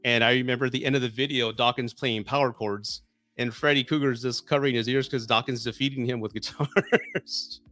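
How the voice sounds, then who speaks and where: Excitable chatty man in his forties. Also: medium pitch, faint music behind. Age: 40s. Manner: excitable and chatty, quickly moved by viewer gifts. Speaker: host of a live stream. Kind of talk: casual live-stream chat.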